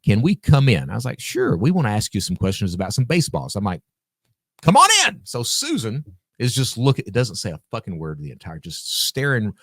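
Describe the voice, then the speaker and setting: A man's voice: lowish voice, fairly quick, no room sound, clean studio sound. A man guest on a podcast, telling a story casually, acting out the dialogue and swearing freely. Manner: animated, acts out quoted dialogue, swears freely.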